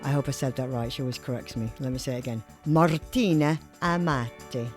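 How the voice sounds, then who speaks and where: A woman's voice: a bass voice, fairly even intonation, rapid-fire, dark tone, soft background music. A woman hosting a podcast in casual chat, playful and theatrical, laughing at her own jokes. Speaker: podcast host.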